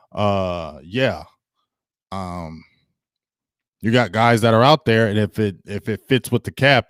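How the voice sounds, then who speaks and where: A man hosting a casual live-stream sports talk show, animated, acting out quoted coaches and answering viewers. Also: fairly low pitch, no echo, studio quality.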